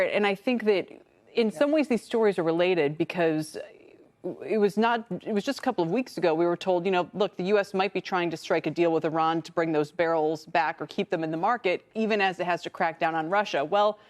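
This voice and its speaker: A woman anchoring a live TV news show, asking questions conversationally with occasional restarts. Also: on the low side. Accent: American.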